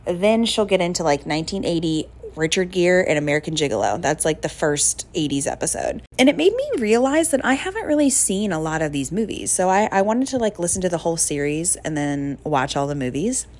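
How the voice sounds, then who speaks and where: A woman's voice: fairly low pitch, sing-song, fairly quick, hardly any pauses. A young woman hosting a casual solo podcast, chatty and gushing with lots of fillers. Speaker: podcast host.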